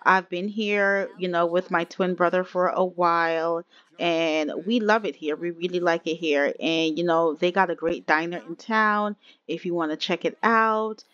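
A woman's voice: lowish voice, steady tone, measured pace, fairly bright tone, no room sound, muffled recording. A woman voicing a friendly young male neighbor in a life-simulation game, speaking in a laid-back, welcoming way.

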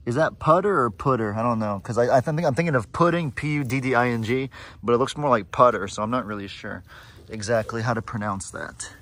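A man with a lowish, slightly bright voice vlogs outdoors on a farm, chatting casually to the camera. He coos fondly at the animals in a baby voice.

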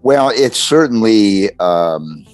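An older man speaks as a guest in a relaxed interview. His voice sits very low, and he reflects aloud with easy chuckles and restarts. Faint music plays underneath. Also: takes it slowly. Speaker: guest voice actor. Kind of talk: casual interview chat.

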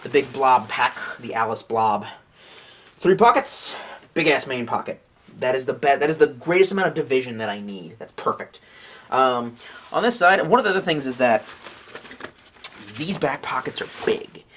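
Man, late twenties, gear review vlog, rambling, joking, swears casually, average pitch. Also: animated, normal speed, a bit bright. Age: late 20s.

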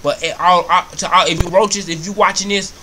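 A young man spins a comic rant about his grandmother's house, swearing constantly and repeating himself for effect. His voice is fairly high and bright, with a forceful edge. His delivery is animated and heavy on profanity. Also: a little fast, a little hiss or hum. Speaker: comedy vlogger.

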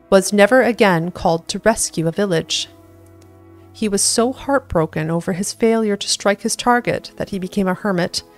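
A woman with a lower-than-usual voice reads a fantasy story aloud in an even, storytelling way. Faint music sits quietly behind her narration. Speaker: audiobook reader. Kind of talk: scripted narration of a fantasy book.

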